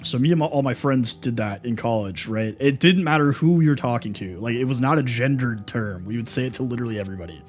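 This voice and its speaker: A young Texan man streams a game, chatting casually with his viewers and answering their messages while calling them dude and brother. His mid-range voice moves fast with hardly any pauses, and faint music plays behind him.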